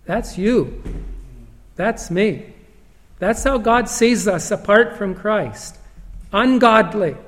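A man preaching a sermon, reading scripture slowly and emphatically, with long pauses. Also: sits high. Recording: long hall reverb.

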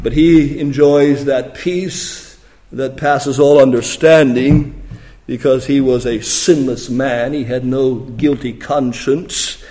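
Dramatic preacher in a reverberant hall. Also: male voice, medium pitch. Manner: dramatic, swings from hushed to loud emphatic questions. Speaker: pastor. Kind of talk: sermon.

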